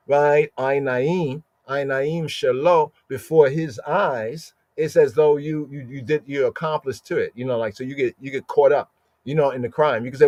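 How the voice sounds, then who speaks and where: A man teaching scripture in a podcast, explaining Hebrew words slowly and asking "right?" again and again. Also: mid-range voice, a little mellow, dry recording. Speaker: Bible teacher.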